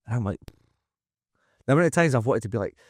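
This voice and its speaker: A man's voice: mid-range voice, animated, fast talker, no room sound. A man with a Scottish accent, a gym owner speaking as a podcast guest, frank and emphatic, swearing freely and acting out what people say. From Scotland. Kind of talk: candid podcast conversation. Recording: dry close-miked studio sound.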